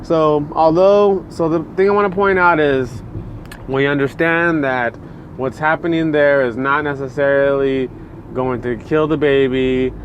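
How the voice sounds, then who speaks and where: A man's voice: on the high side, steady tone, measured pace, highs cut off, slight background noise. Man giving a loose, chatty devotional talk. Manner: conversational and loose, many fillers like "you know" and "like". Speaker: preacher.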